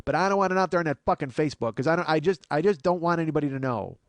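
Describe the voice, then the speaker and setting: A man's voice: on the high side, lively intonation, racing, no room sound, pitched above the performer's own voice. A man voicing his blunt, foul-mouthed older mother, fretful and insistent, in a comic retelling. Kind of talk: comic storytelling impression.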